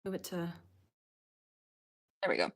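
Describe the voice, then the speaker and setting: A woman's voice: fairly low pitch, big pitch swings, measured pace, no echo. A woman chatting on a casual livestream from her desk at home. She rambles along and laughs often. Her voice is dry and close. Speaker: streamer. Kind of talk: casual live-stream chat.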